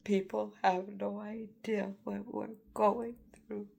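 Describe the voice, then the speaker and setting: Distraught woman, video diary, slow and halting, near tears, with a deep fry in her voice. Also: flat delivery, a little mellow. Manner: emotional, halting, sighing and laughing through distress. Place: shelter room.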